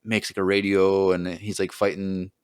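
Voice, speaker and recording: Young man, low smooth voice, rambling. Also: level tone, moderate pace, darkish tone. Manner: rambling, acts out quotes with a jump in pitch. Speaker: podcast co-host. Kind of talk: casual chat.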